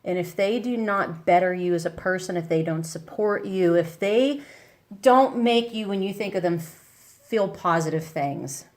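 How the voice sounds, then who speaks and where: A woman hosting a casual talk show, telling a story with lively acted-out quotes. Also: on the low side, measured pace. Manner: animated, acts out quoted voices. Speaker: podcast host.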